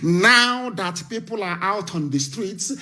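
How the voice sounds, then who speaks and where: A man giving an impassioned live broadcast speech, firing off rhetorical questions and bursting into shouts. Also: high-pitched, expressive, slow pace. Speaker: political broadcaster.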